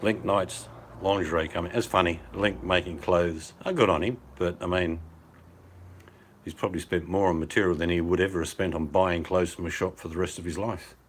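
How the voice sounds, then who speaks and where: An older Australian, calling in by phone video over mobile data from beside his home fireplace, drifts through casual, blokey, laid-back chat. His low voice has a breathy edge, fairly even intonation and a fairly quick pace.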